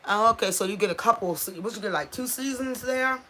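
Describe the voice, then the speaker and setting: A woman's voice: fairly high pitch, fast, sharp tone, a little hiss or hum. A woman hosting a casual livestream, chatting with viewers and reading out their comments, tripping over unfamiliar place names. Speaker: channel host.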